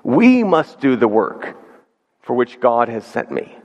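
A man preaching a sermon as pastor, earnest and measured, slowing down to stress key words. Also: medium pitch, very animated. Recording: dull sound with long hall reverb.

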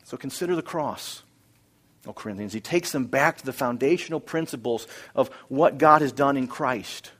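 A man's voice: mid-range voice, moderate pace, fairly bright tone. A man preaching a sermon through a Bible passage, emphatic and repeating key phrases as he builds his points. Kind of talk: expository sermon.

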